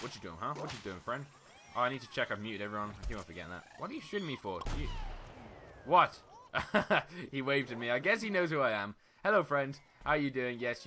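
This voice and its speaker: Chatty young man, bright voice. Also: mid-range voice, a little hiss or hum. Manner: chatty, rambling, with many fillers and sudden excited outbursts at the game. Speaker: gaming video host. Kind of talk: casual gameplay commentary.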